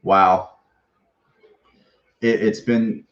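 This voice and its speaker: A man's voice: fairly low pitch, fairly even intonation, measured pace, darkish tone, muffled recording. A man hosting a fan sports podcast in a casual, rambling way, swearing freely and restarting his sentences often. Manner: rambling, profane, with many restarts and fillers.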